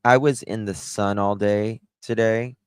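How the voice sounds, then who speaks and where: A man's voice: fairly low pitch, fairly even intonation, a little slow, clear, resonant tone, no room sound. Tired, drawling man on a livestream. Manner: chatty, drawling, talks to chat by name. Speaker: livestream host. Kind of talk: casual livestream chat reading comments.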